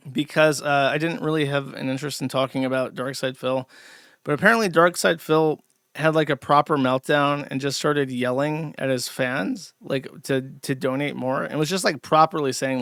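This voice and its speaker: A man hosts a livestream from his home, talking in a loose, rambling way and swearing freely. His voice sits a little high, and the sound is close and dry. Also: fairly bright tone, clear, resonant tone, no echo. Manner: rambling, profane, easily exasperated. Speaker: show host. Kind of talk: casual livestream commentary. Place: home in a trailer park.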